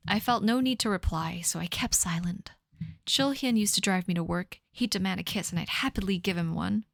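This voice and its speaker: A woman's voice: medium pitch, normal speed, gravelly, a bit bright, no room sound. A woman in her thirties reading her teenage fanfic aloud on a live stream, often breaking off to laugh and comment. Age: 30s. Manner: laughing at her own writing, mock-dramatic asides.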